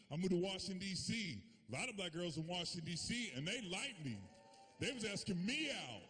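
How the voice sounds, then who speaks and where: A man telling profane, animated stories in a stand-up comedy set. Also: high voice, fast.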